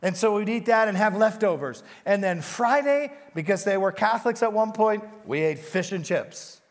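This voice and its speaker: A man's voice: high-pitched, expressive, normal speed. A man preaching a sermon as a guest pastor in a church, telling stories with animation and coaxing the congregation to lean in. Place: church sanctuary. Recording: long hall reverb.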